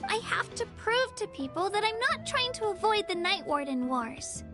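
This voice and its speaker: A woman's voice: very high-pitched, very animated, normal speed. A shy stammering young bear girl. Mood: nervous. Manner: hesitant, stammering. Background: game music.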